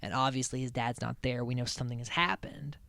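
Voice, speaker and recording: A man's voice: medium pitch, level tone, quick pace, vocal fry, sharp tone, no echo. Chatty man rambling through a show recap. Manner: rambling, chatty, swears freely, frequent restarts. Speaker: podcast host. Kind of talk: casual episode recap.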